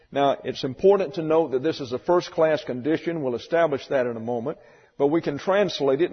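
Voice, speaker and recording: A man teaching a Bible lesson in sermon style, slow and methodical, spelling out Greek words letter by letter. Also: mid-range voice, slightly rough. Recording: dull lo-fi recording with long hall reverb.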